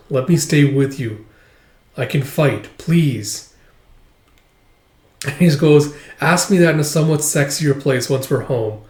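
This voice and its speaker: A man's voice: fairly high pitch, darkish tone, reverberant. A man recapping a manga volume in a rambling, casual way, full of fillers. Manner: rambling, filler-heavy retelling. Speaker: manga reviewer.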